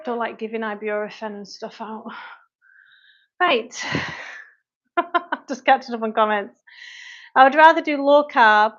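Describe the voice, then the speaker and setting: A woman's voice: on the high side, unhurried, long pauses, a bit bright. A British woman in her thirties, a fitness coach chatting casually on a livestream at home, reading viewer comments aloud and breaking off to tend her kids. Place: home kitchen. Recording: dull lo-fi livestream audio.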